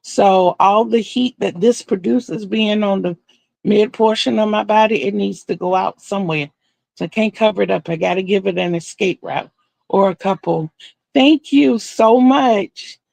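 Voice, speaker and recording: On a live stream, an older woman chats about her crochet work, rambling, circling back and repeating herself. Her medium-pitched, fairly even voice is a little mellow with a gravelly edge, at a moderate pace. The sound is dry and close with no echo.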